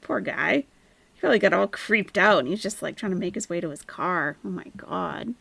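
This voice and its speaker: A woman's voice: on the low side, normal speed, creaky, fairly bright tone, slightly rough, no room sound. A woman hosting a reaction commentary, wry and amused, talking at her computer close to the mic. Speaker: commentary host.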